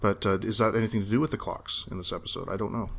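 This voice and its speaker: A man's voice: fairly low pitch, fairly even intonation, racing, creaky, breathy edge. A man co-hosting a podcast, chatting casually and rambling as he corrects himself on details. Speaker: podcast co-host reviewing a TV series. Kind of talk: casual chat.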